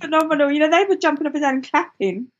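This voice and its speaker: A woman guest in an interview, telling her story in an animated way with many restarts. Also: sits high, rapid-fire, highs cut off. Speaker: guest, client. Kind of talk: interview chat.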